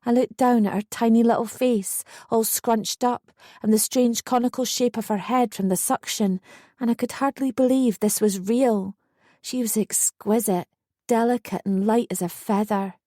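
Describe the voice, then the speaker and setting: A woman's voice: a little high, steady tone, measured pace, mellow, no echo, clean studio sound. A woman narrating a first-person true story audiobook with feeling. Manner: emotional memoir reading, acting out quotes.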